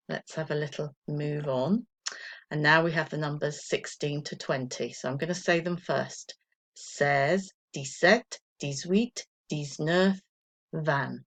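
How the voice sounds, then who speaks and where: A woman teaching a recorded French lesson to primary school children, patient and encouraging, counting slowly for pupils to repeat. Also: low voice.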